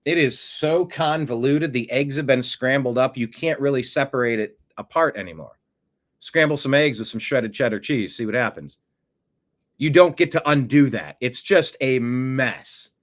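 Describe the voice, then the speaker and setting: A man hosting a political commentary show, animated and sarcastic, who often mocks others by putting on high voices. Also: normal speed. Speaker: host.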